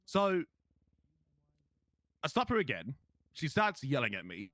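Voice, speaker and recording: A man's voice: medium pitch, huge pitch swings, unhurried, a bit bright, dry recording. A man with an Australian accent playing a police officer in a role-play game, telling his story in an indignant, emphatic way.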